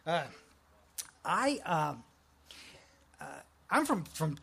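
A middle-aged Texan man speaks to a recovery meeting in a folksy, joking, emphatic way. His voice sits high for a man. He talks plainly and directly to the room. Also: sing-song, very slow, creaky, sharp tone, slight background noise. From Texas. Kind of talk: testimony talk.

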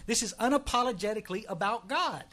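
A man's voice: sits high, expressive, fast talker, a bit bright. A middle-aged man from Texas with a Texan accent, giving a folksy, emphatic testimony talk at a recovery meeting.

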